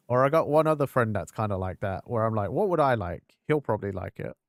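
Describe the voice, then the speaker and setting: A man's voice: lowish voice, dry recording, studio quality. A man streaming a game and chatting casually with viewers, talking candidly, swearing freely and laughing at himself. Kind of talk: casual live-stream chat over gameplay.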